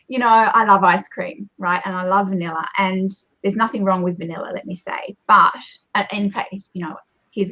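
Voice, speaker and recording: A woman, a guest coach speaking in animated conversation, shifting her pace and loudness as she explains. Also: medium pitch. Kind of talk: conversational advice. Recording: dull, muffled lo-fi audio.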